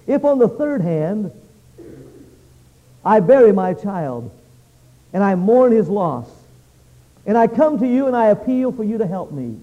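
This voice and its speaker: A man preaching a revival sermon in a church, praying and telling stories dramatically, swinging between loud and hushed. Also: high-pitched, sing-song, measured pace, long pauses. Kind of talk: revival sermon with prayer and storytelling. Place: church meeting hall. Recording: dull lo-fi sermon recording.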